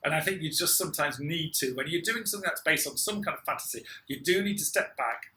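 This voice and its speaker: A man co-hosts a casual chat about a film, rambling and restarting as he goes. His voice is high and very bright, with a lively, swooping pitch. The room around him is echoey. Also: fast. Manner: rambling, lots of restarts, laughs often. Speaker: podcast co-host.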